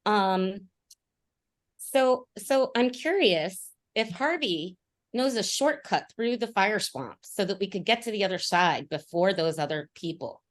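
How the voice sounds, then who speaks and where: A woman's voice: medium pitch, lively intonation, a little slow. Hesitant woman player in a game. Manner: tentative, thinking aloud. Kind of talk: online tabletop role-play.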